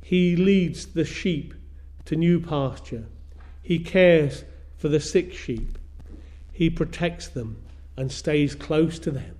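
A man preaching a sermon in a measured way, repeating phrases for emphasis. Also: fairly high pitch, darkish tone.

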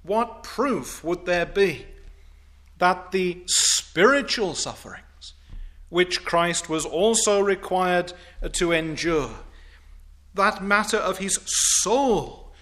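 A man delivering a sermon at a slow, deliberate pace, leaning hard on key words. His voice sits a little high for a man. On solemn points it sinks low and quiet. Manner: measured, emphatic delivery with slow stressed phrases. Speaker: preacher.

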